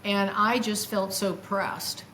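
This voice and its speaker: An older woman, a guest, tells her own story with feeling and acts out her past words in a lively voice. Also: medium pitch, slow pace, slight background noise, poor audio. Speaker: guest recounting a near-death experience. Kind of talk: emotional first-person storytelling.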